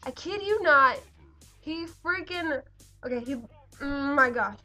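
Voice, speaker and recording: A woman's voice: sits high, animated, takes it slowly, bright, forceful tone, faint music behind. A teenage girl telling a story to her vlog audience in a bubbly, giggly way, full of ums and likes. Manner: bubbly, giggly, lots of fillers like um and like. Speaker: vlogger. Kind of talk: casual storytime chat.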